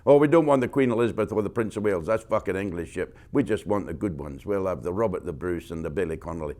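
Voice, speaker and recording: A man's voice: deep voice, quick pace, darkish tone, pitched below the performer's own voice, close to an everyday voice. A man voicing a grumbling, scoffing nationalist man.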